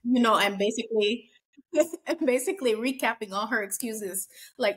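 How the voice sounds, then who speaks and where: A woman co-hosting a casual podcast, recapping a reality show and acting out quotes in lively voices. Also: on the high side, moderate pace, slightly rough. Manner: chatty, acts out quotes in animated voices. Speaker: podcast co-host.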